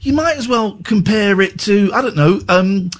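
A male English radio host in lively banter, ranting in mock outrage and stumbling over restarts. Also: high-pitched, normal speed.

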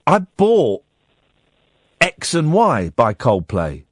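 A man's voice: mid-range voice, drawn-out words, slightly rough, no room sound. A man hosting a radio show, chatting casually in a rambling way with many restarts. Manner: animated, rambling, stumbling restarts. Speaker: radio host.

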